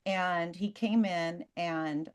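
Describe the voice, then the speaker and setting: A woman presenter on a video call, telling casual, lively stories in quick bursts. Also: lowish voice, clean tone. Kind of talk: animated storytelling on a video call.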